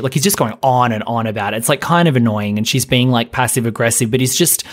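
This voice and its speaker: A man's voice: mid-range voice, quick pace, few pauses. A man hosting a podcast, chatting casually in a rambling, profane way while retelling scenes. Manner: rambling, profane, animated retelling with quoted voices. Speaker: podcast host. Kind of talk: casual chat.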